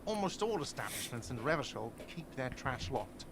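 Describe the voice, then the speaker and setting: A man's voice: mid-range voice, sing-song, normal speed. A man voicing a curt, defensive bar manager in a video game. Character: grumpy, tight-fisted male hostel manager. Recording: game audio with noisy ambience.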